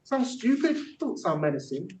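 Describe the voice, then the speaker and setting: A Yorkshire man leading a theatre workshop performs spoken word poetry with punchy rhythm, then discusses it with the group. His high voice is sing-song and slightly mellow at normal speed, captured dully from a distance in an echoey room.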